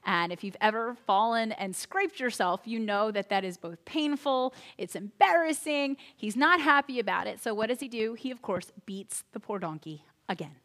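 A woman pastor retelling a story in a sermon, animated and chatty with little asides. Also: a little high, moderate pace, few pauses.

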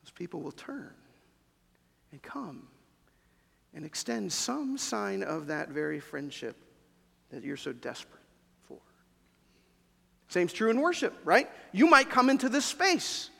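Gravelly high-voiced preacher in reverberant church. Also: male voice, very animated, a little slow, pauses often, bright, forceful tone. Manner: conversational, engages the congregation directly. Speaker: pastor. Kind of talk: sermon. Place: church sanctuary. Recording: long reverb of a large church hall.

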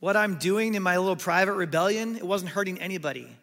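A male pastor preaching a sermon, telling a story with animated delivery and acting out what people said. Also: high voice, fast, big-room sound.

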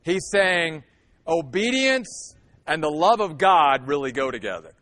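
Male pastor, high voice, earnest sermon delivery with emphatic peaks. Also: sing-song, measured pace, fairly bright tone.

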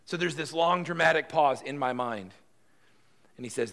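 Brief: pastor, conversational sermon, bright forceful tone. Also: male voice, on the high side, normal speed, vocal fry, long pauses. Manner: animated, conversational storytelling.

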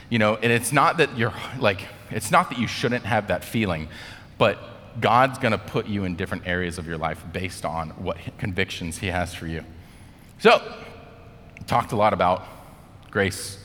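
Low-voiced man preaching in a big echoing hall. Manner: animated, acts out quotes, many "like" fillers. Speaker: pastor. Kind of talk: casual conversational sermon. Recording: long reverb of a large hall.

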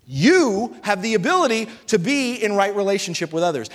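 High-voiced man preaching in a hall. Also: very animated, a little fast, few pauses. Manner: impassioned, repetitive preaching with rising and falling intensity. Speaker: pastor. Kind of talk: sermon.

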